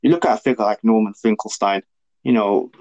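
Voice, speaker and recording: A man with a lowish voice rants on a podcast, heated and profane. The sound is dry and close, with no room around him. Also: fairly quick, a little mellow, no echo, dull audio. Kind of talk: casual political podcast chat.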